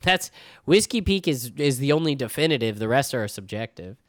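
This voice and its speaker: A young man talking fast and excitedly in a casual podcast chat, tossing in dude and the odd swear. His voice sits at a middle pitch. The sound is dry and close, with no room echo. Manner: enthusiastic, swears casually, says dude a lot. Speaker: podcast host.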